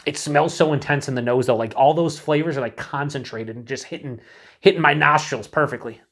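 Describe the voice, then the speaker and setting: A man's voice: a little high, brisk, fairly bright tone. A man casually reviewing a beer on his own channel, rambling and mocking himself, with some swearing.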